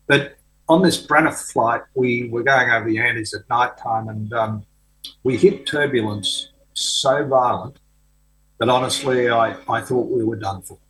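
An older man, a writer being interviewed, recounting an anecdote in a relaxed, conversational way with frequent ums and restarts. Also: mid-range voice, measured pace, low-quality recording. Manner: hesitant, many fillers and restarts. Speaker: author guest. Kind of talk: conversational storytelling.

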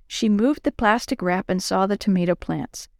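Woman storyteller for kids, expressive, sing-song delivery, dry close sound. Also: medium pitch, moderate pace, creaky, no room sound. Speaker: children's storyteller. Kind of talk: children's story reading.

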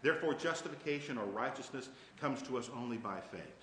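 A man's voice: mid-range voice, expressive, brisk, fairly bright tone. Man preaching a sermon in an echoey church. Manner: conversational, asks the congregation questions. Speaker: pastor. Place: church sanctuary.

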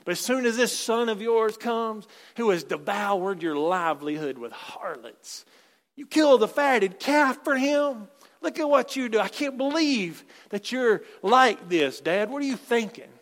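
A man voicing a resentful grown older brother who complains in a whiny, sulking way, in a high voice. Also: big pitch swings, a little slow, fairly bright tone, full character voice. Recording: long reverb of a large hall.

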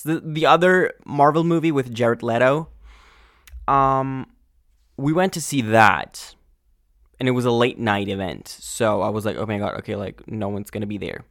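Young male podcast host, animated sweary rant, mid-pitch voice, dead dry room. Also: dry recording. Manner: animated, swears a lot, trails off and restarts. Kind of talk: casual ranting monologue.

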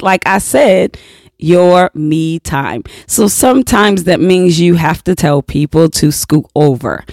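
An earnest motivational speaker talks slowly and deliberately, hammering home each point by saying it twice. The sound is dry and close, with no room around the voice. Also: medium pitch, no room sound. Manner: earnest and emphatic, repeats key points; mocks quoted excuses with a flat "what?". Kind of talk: motivational talk to camera.

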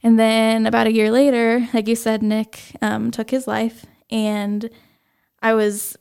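A young adult woman sharing a personal faith testimony as an interview guest, earnest and halting with many fillers. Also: on the high side, monotone, creaky, darkish tone, smooth.

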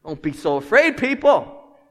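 A man preaching a sermon as pastor. He swings from hushed, earnest passages to loud, emphatic ones and jokes with the congregation. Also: high-pitched, big pitch swings, unhurried. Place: church sanctuary. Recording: long reverb of a large hall.

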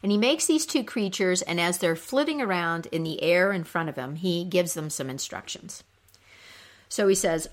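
A woman's voice: on the low side, lively intonation. A woman retelling a myth in a casual, conversational storytelling style. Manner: unhurried, conversational.

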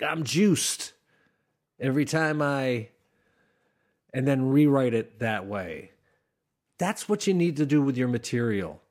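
A man coaching comedy writing in a conversational talk to camera, breaking into animated bursts and dry sarcastic asides when he demonstrates delivery. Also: mid-range voice.

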